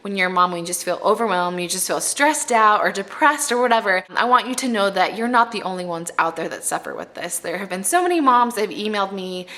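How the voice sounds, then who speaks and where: A young woman, pregnant, speaks straight to her camera in a casual vlog, sharing earnest tips with other mothers. Her voice is clear and bright, set in an ordinary middle pitch. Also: expressive, fast, hardly any pauses. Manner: earnest and heartfelt, addressing moms directly. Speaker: mommy vlogger.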